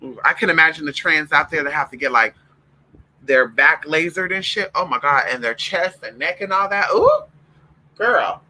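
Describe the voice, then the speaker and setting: Sassy campy man with a bright voice. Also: fairly high pitch, moderate pace, poor audio. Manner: sassy, profane, campy, addresses viewers as girl and honey; animated, breaks off to talk to his dogs. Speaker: vlogger. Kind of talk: casual livestream chat.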